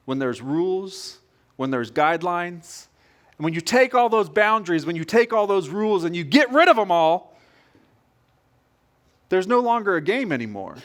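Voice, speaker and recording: A man preaching a sermon as pastor, telling a story in an animated, direct way. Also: high-pitched.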